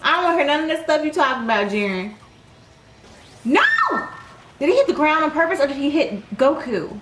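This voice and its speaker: Woman, excited reaction host, swings wildly up and down in pitch, curses and gasps. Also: brisk, roomy sound, noisy background. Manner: loud, swearing, gasping and shouting at the screen.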